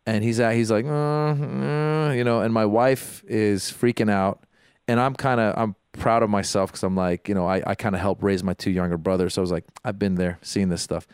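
A man co-hosting a casual podcast chat, excitable and quick to launch into stories. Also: lowish voice, smooth, no room sound, clean studio sound. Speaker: podcast co-host.

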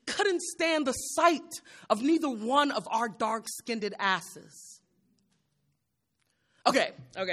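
Woman poet, spoken word set; high, bright, unhurried, bold and funny with a rhythmic refrain. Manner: rhythmic, with repeated refrains and shifting emphasis; bold, raw and humorous. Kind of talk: spoken word poetry performance.

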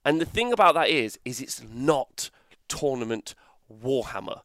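A man's voice: medium pitch, big pitch swings, measured pace, a bit bright, dry recording. A man hosting a podcast, chatting casually, who rambles, swears and keeps tagging his points with "right?" and "like". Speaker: podcast host. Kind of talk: casual chat.

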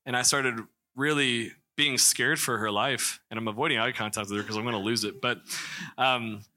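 Very bright-voiced young man from Missouri. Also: mid-range voice, steady tone, normal speed. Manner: candid storytelling with many restarts and fillers. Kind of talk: personal testimony in a church talk.

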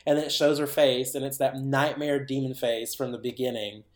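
A man co-hosting a podcast, giving an animated, rambling retelling full of filler words in casual chat. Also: mid-range voice, normal speed. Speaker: podcast co-host. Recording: roomy echo.

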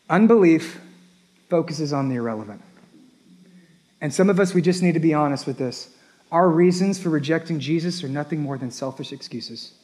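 A man preaching a sermon as a pastor, emphatic and repetitive, rising and dropping his voice for effect. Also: high-pitched.

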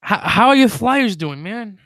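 A young man hosting a casual sports podcast, energetic and jokey, with quick stumbling restarts. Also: high-pitched, no room sound, studio quality. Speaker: podcast host.

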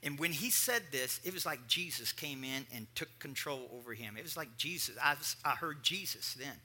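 A middle-aged male pastor telling a personal story in a sermon, animated and acting out the people in it. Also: mid-range voice, normal speed.

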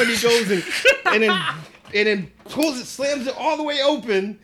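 A man's voice: extremely high pitch, moderate pace, a little hiss or hum. A man telling a story in a casual podcast chat, acting out the people in it and laughing often. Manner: animated, acts out the people in his stories, laughs often.

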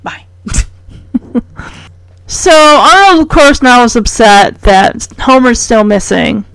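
A woman's voice: a little high, lively intonation, slow pace, vocal fry, a bit bright, clean tone, no room sound, low-quality recording. A woman recapping a sitcom episode in casual chat, chatty and incredulous, full of rhetorical questions.

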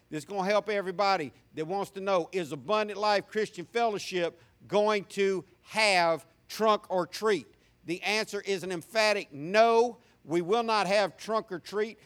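A pastor delivers a fiery sermon in a high voice, stacking up repeated phrases as he builds. He preaches with conviction and emphatic force. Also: fairly bright tone. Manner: preaching with rising intensity and emphatic repetition.

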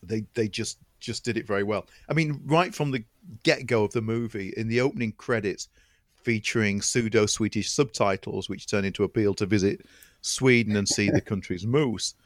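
Podcast co-host, male, low-pitched, eager and rambling, bone-dry close mic. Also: normal speed, no echo. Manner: enthusiastic, repeats words while building a point. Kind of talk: casual film chat.

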